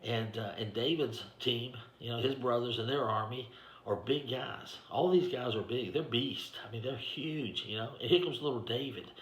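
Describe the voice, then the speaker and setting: A man's voice: mid-range voice, moderate pace. Man, folksy devotional storytelling, conversational, echoey room. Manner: folksy, conversational, lots of "you know". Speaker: ministry director giving a devotional.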